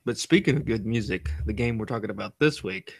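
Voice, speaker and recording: A man's voice: lowish voice, fairly quick, vocal fry, slightly rough, no echo. A man co-hosting a casual podcast, making dry jokes and giving brief replies. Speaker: podcast co-host.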